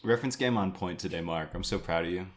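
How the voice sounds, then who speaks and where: A young man with a notably low voice co-hosting a podcast. He banters in a dry, sarcastic way during loose political chat. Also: quick pace, noisy background. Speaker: podcast co-host.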